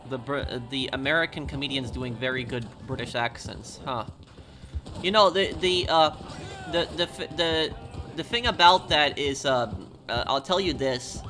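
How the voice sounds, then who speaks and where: A man's voice: medium pitch, normal speed, pushed and bright, soft background music. A man streaming a game live, reading viewer messages aloud and answering them offhand in casual chat from his home gaming setup.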